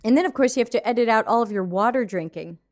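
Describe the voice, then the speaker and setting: A chatty woman hosting a live stream, her voice sitting a little high. She talks casually and laughs at herself now and then. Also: fast. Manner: chatty, self-deprecating, laughs often. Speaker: podcast host and author.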